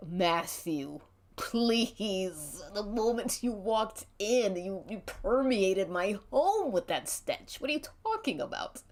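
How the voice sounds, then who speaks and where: Woman playing a pompous old fussbudget, haughty and lively in pitch. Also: takes it slowly. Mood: indignant. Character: prissy older man, theatrical and fussy.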